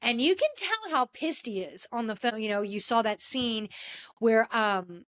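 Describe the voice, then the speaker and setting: A woman's voice: fairly high pitch, expressive, unhurried, a bit bright. A woman hosting a podcast, giving an emphatic, indignant recap in casual chat and calling people out directly. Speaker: podcast host.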